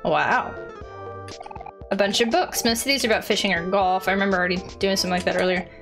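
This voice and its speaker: A woman giving casual let's-play commentary, chatty and excitable, reading game text aloud. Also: medium pitch, fast, music in the background.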